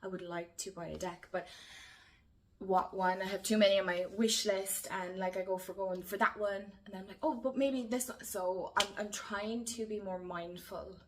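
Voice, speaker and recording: A woman's voice: mid-range voice, flat delivery, moderate pace, a little hiss or hum. Irish woman, casual vlog to camera, effusive and chatty, a bit teary, mid-range voice. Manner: chatty and effusive, full of fillers. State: emotional, near tears. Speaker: YouTube creator.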